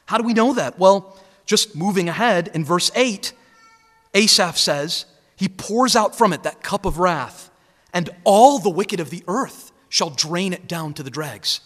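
A man's voice: high-pitched, expressive, unhurried, a bit bright, big-room sound. A man preaching a sermon as a guest preacher, emphatic and earnest.

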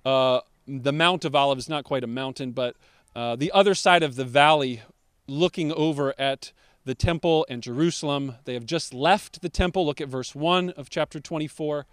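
A man preaching a sermon as pastor, slowing down to stress key words. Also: on the high side, a bit bright, smooth, no echo, studio quality.

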